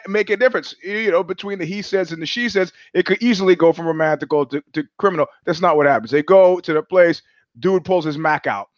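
Brief: male host on a livestream, rambling storyteller, voice a bit higher than usual, dry and slightly dull audio. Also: dry recording. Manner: rambling storyteller with many restarts and quoted asides. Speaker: show host. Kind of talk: casual livestream monologue.

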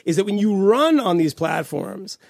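A man co-hosting a political podcast, talking in an animated, rambling way with lots of swearing and restarts. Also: high voice, moderate pace, creaky, no echo, clean studio sound. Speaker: podcast co-host. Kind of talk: casual political chat.

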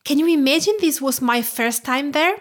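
A woman in her thirties from Tuscany with an Italian accent, hosting a food podcast in a warm, enthusiastic, scripted way. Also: high voice, normal speed. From Tuscany, Italy. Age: 30s. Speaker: podcast host, cooking teacher.

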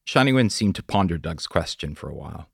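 Man, audiobook narrator, very low voice, gravelly, dry close sound. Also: no echo. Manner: measured, steady storytelling. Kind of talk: scripted narration.

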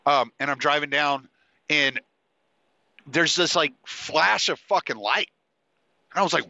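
A man's voice: on the high side, measured pace, vocal fry, long pauses, pushed and bright, dry recording, highs cut off. A man hosting a podcast in a casual, rambling monologue, swearing freely and restarting his sentences, and congested. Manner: rambling, profane, with frequent fillers and restarts. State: congested, sniffly. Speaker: podcast host.

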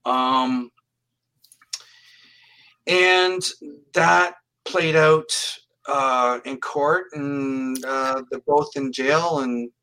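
A man from Canada tells his stories as an interview guest, earnest and plain-spoken. His voice is bright and forceful, at an ordinary pitch. He often doubles back and restarts his phrases. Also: extremely slow, pauses often, clear, resonant tone, poor audio. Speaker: psychic medium guest. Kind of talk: storytelling in an interview.

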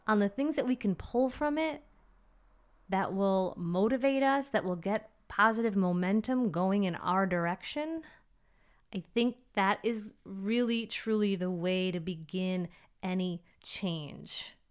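A woman's voice: mid-range voice, unhurried. A woman hosting her own podcast as a personal trainer, chatty and upbeat, acting out her inner voices as she talks. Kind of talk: solo podcast talk.

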